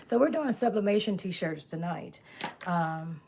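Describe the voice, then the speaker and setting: A woman's voice: on the low side, animated, unhurried, a little mellow, a little hiss or hum. A woman hosting a live stream from her home workspace, chatting casually with viewers, greeting them by name and asking them to subscribe. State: out of breath. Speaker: live-stream host making t-shirts.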